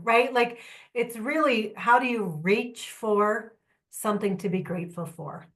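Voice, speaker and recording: A woman speaks as a trainer at a symposium. She talks to a live room in a candid, lively way, with frequent joking asides and quick questions to her listeners. Her voice sits at an ordinary middle pitch. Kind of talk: workshop talk to a live audience.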